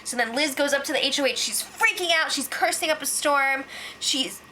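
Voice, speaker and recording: A woman's voice: high-pitched, normal speed, pushed and bright, slight background noise, poor audio. A woman giving a casual, chatty spoiler recap for her vlog, filling her talk with "like". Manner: chatty, fills with "like", acts out quotes. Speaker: reality show recap vlogger.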